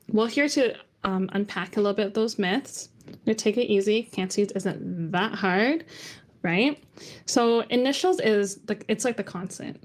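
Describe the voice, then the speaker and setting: A woman's voice: mid-range voice, darkish tone. Chatty woman teaching tones online. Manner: chatty, demonstrates tones by singing them out. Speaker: Cantonese teacher. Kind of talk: online language lesson.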